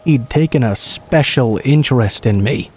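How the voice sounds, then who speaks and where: A man calmly reading true horror stories aloud as a scripted narration. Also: mid-range voice, normal speed, slightly rough, faint music behind.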